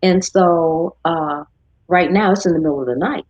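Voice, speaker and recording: A woman hosting a live cooking stream, talking in a chatty, easygoing way and slipping into animated voices when she quotes people. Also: lowish voice, normal speed, no room sound. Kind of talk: casual chat. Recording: dull lo-fi stream audio.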